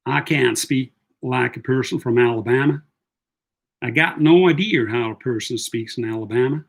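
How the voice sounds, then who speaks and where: A man coaching rideshare drivers in a casual livestream. He talks in a chatty, rambling way, picks up viewer comments and often repeats words as he thinks. His voice sits in an ordinary middle pitch. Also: creaky, husky. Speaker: rideshare coach answering live chat.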